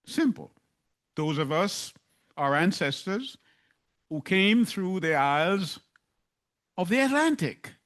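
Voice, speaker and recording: Male preacher, slightly high voice, slow emphatic delivery, scripture reading and rhetorical questions. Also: very animated, a bit bright. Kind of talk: sermon.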